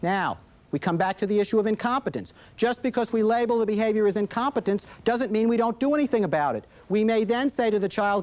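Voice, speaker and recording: A man with a fairly high, very lively voice lectures parents about children's behavior. He explains with everyday examples and slips into short quoted lines of parents and children. It sounds like an old 1980s videotape. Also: fast talker. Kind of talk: instructional talk to parents.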